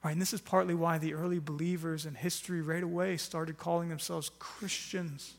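A man delivers a sermon to his congregation with earnest, emphatic conviction, leaning into his key phrases. His voice sits a little high for a man. The sound rings with the long reverb of a church hall. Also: flat delivery, a little fast, gravelly, hardly any pauses. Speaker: pastor.

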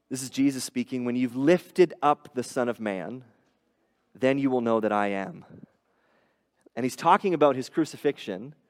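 A pastor with a slightly high voice preaches a sermon, earnest and explanatory, frequently restarting phrases and rising on emphatic points. His voice trails off in a long reverb tail.

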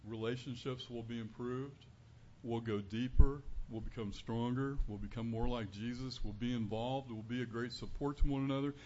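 Man preaching, earnest and conversational, middle pitch, muffled lo-fi sound. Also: steady tone, moderate pace, few pauses, a little mellow. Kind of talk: sermon. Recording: dull lo-fi recording with faint room noise.

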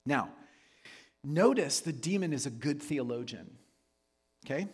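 A male pastor with a slightly high, husky voice preaches in a relaxed, conversational way, often stopping to check that his listeners follow. His words ring out with the long reverb of a large church hall. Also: a little slow. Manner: conversational, asks the room "right?" often. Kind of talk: sermon.

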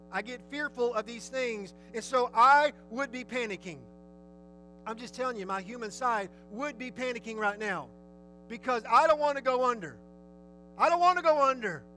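A man's voice: high-pitched, low-quality recording. A man preaching a sermon, telling the story vividly and asking his listeners questions. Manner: lively, storytelling, asks the audience questions.

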